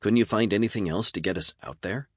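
A man's voice: lowish voice, quick pace, breathy edge, no room sound, clean studio sound, pitched above the performer's own voice. A man voicing a stubborn young woman reporter who complains and asks doubtful questions. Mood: questioning.

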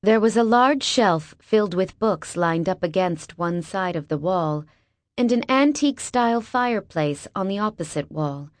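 A woman's voice: mid-range voice, expressive, normal speed, dry recording. A woman narrating a first-person novel with wry, sarcastic asides, on a close mic. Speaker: audiobook narrator.

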